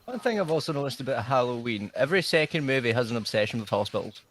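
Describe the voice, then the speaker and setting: A man's voice: mid-range voice, animated, quick pace, fairly bright tone. A young man chatting about horror movies, rambling with fillers. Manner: rambling, laughing, filler-heavy. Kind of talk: casual movie commentary.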